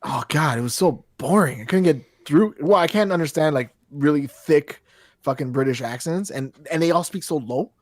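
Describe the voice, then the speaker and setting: A man's voice: a little high, normal speed, no room sound, clean studio sound. A man co-hosting a podcast, chatting casually, joking and swearing a lot. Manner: animated, swears a lot, jokey. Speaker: podcast co-host. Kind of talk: casual chat.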